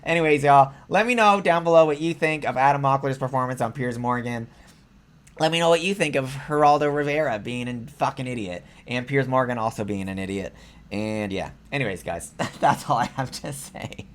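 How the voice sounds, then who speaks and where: A man's voice: mid-range voice, a little fast. A man hosting a vlog, delivering a heated, profane reaction rant. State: sweaty after ranting. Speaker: political commentary vlogger.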